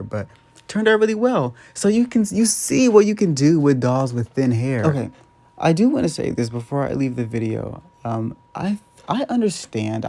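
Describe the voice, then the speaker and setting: A man's voice: mid-range voice, creaky, mellow. A young man in casual voice-over, rambling chattily through a doll restyle with lots of ums and likes.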